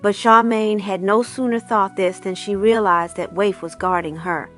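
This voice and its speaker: A woman narrating a storybook in a calm, even way, with her voice at a middle pitch. Faint music runs quietly under the reading. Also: moderate pace. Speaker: reader. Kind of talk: audiobook narration.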